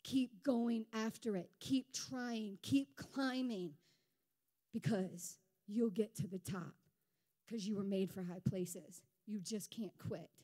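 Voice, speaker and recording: A woman pastor preaching a sermon in a lively, conversational way, full of rhetorical questions. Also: mid-range voice, slow. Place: church sanctuary.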